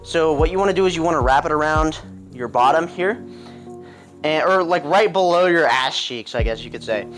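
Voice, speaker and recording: A young man giving a casual fitness tutorial at home, rambling with many ums and throat clears. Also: fairly high pitch, animated, moderate pace, a bit bright, faint music behind. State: a little out of breath. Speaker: calisthenics coach. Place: home with a pull-up bar.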